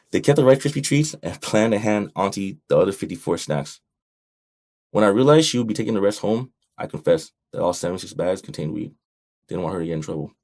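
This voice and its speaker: A low-pitched, darkish-toned American man narrates his memoir aloud for an audiobook. He reads bluntly and wryly, dropping in profanity from time to time.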